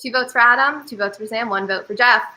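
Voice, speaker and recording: A woman host reads out final votes one at a time, pausing to build suspense. Her voice is bright and a little high, heard over a video call. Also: rough recording. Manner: measured, suspenseful vote reading. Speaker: game host reading votes. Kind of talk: announcing results.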